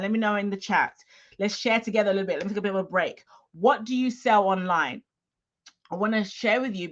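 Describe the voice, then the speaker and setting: A woman's voice: a little high, a bit bright, muffled recording. Emphatic woman coaching a livestream. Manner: emphatic, repeats "okay?" to the audience. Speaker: business coach.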